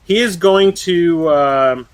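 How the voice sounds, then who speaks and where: A man narrating a tabletop game as game master, casual and quick to laugh, swearing freely as he describes the action. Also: on the high side.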